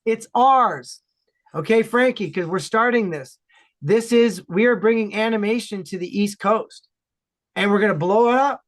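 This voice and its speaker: Man, Ontario Canadian accent, podcast regular, casual chat, energetic, emphatic. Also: high-pitched. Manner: energetic, emphatic, fast bursts.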